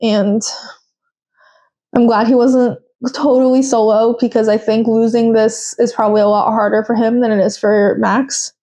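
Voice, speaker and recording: A woman's voice: fairly high pitch, flat delivery, normal speed, dark tone. A young woman hosting a podcast, chatting casually and with strong opinions, full of fillers. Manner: chatty, opinionated, with frequent fillers and quoted voices. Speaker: podcast host. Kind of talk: casual solo recap chat.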